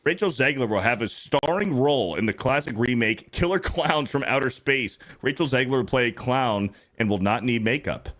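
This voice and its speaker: Male stream host, jokey, plain mid pitch, reads viewer donations in casual chat. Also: animated, normal speed, few pauses, fairly bright tone. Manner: reads donation messages aloud, joking. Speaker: livestream host reading donations.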